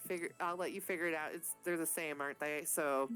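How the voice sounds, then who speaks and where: A woman running a tabletop game as game master, telling the scene in a casual, profane, animated way. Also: deep voice, fast, soft background music.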